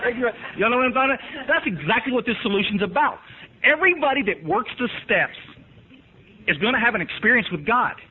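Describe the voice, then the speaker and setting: A man's voice: extremely high pitch, animated, a little fast, slightly rough. A man telling his recovery story in a folksy, emphatic way, often asking the room if they follow. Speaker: recovery speaker. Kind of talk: recovery meeting talk. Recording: tinny lo-fi archive tape.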